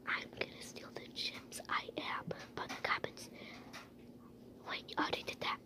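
A girl voicing a scheming chip-stealing thief in a hushed whisper. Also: moderate pace, natural voice. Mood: sneaky.

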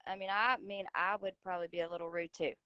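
A woman's voice: lowish voice, fairly even intonation, fast talker, muffled recording. A woman in a live chat, adding sarcastic asides and backing up the others. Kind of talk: casual heated chat.

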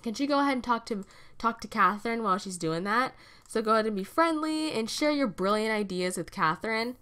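A woman's voice: fairly high pitch, lively intonation, fairly quick, fairly bright tone, smooth. Giggly woman narrating her gameplay. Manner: chatty and giggly, often laughing at the game. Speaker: gaming video host. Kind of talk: casual let's-play commentary.

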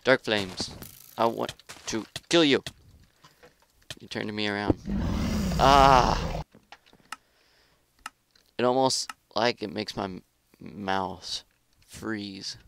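A man with a lowish, gravelly voice calls out his own match as he plays. He is excitable, taunts opponents and grumbles about lag in casual gameplay commentary. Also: very slow, long pauses, background noise. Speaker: gaming YouTuber.

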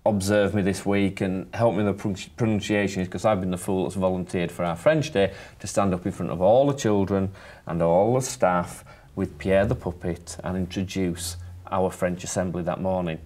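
A man's voice: low-pitched, normal speed, darkish tone. A man, a primary school teacher talking to his class and a colleague in a chatty, self-deprecating way. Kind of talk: classroom talk and staff chat.

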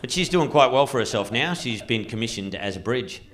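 A male Australian stand-up comedian from rural New South Wales performs a set on a comedy club stage, captured in a noisy live recording with audience laughter. His mid-range voice has lively intonation and a slightly quick pace.

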